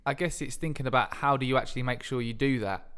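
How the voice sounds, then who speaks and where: A man's voice: mid-range voice, a bit bright, clear, resonant tone. A man co-hosting a podcast in casual chat, asking probing questions and playfully egging his partner on. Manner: probing, playful, quick to laugh along. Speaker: podcast co-host.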